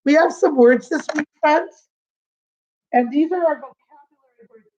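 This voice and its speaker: A woman teaching a remote lesson to young children, patient and sing-song, repeating words slowly. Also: high voice, darkish tone, muffled recording. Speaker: kindergarten teacher.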